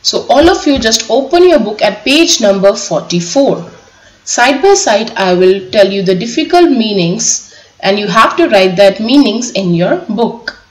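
Slow, careful woman teacher in an echoey room. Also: medium pitch, expressive. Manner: slow, careful, spells words letter by letter. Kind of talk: online class lesson reading a story aloud.

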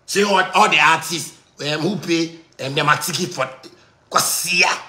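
A man in his thirties with a Ghanaian Pidgin English accent, delivering a loud, excitable rant that keeps circling back on itself. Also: a little high, moderate pace, reverberant. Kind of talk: heated rant.

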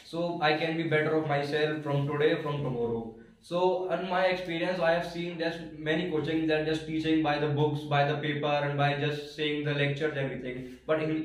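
A young man with an Indian accent, whose first language is Hindi, speaking to a classroom and giving a halting student testimonial full of restarts. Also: a little high. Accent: Indian English. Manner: halting, with frequent restarts and fillers. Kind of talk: prepared speech to a class. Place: classroom, indoors. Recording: echoey room from a distant mic.

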